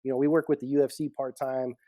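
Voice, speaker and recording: Male security pro, casual storyteller, mellow voice, dry sound. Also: mid-range voice, fast talker, no room sound. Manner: animated storyteller, laughs often. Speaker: executive protection guest.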